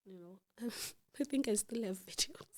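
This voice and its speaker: Speaking a little slowly in a voice on the high side, a South African woman hosts a casual chat about something that happened to her. She animatedly mimics the voices of the others in her story.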